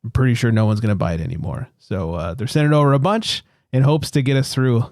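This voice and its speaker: A man's voice: mid-range voice, fast, darkish tone, no room sound, clean studio sound. A man hosting a beer podcast, reading news items in a laid-back, joking way and swearing casually.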